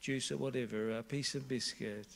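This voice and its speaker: A male pastor leading communion and prayer, with slow, repetitive prayerful phrasing. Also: mid-range voice, fairly even intonation, creaky.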